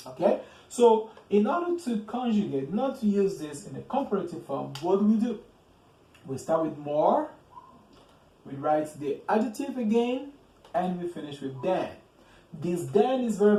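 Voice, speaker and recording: Slow, repetitive male English teacher, echoey room. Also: on the high side, a little mellow, slight background noise. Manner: speaks slowly, repeats words, checks in with "okay?". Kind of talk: slow, deliberate grammar lesson. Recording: roomy echo with faint ambience.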